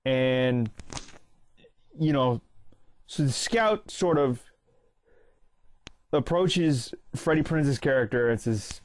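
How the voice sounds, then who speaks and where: A man in his early thirties hosts a casual film recap, retelling scenes in a chatty, animated way. He acts out the characters' lines as he goes, and his pitch jumps up sharply whenever he gets excited. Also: slow pace, pauses often. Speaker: movie commentary host.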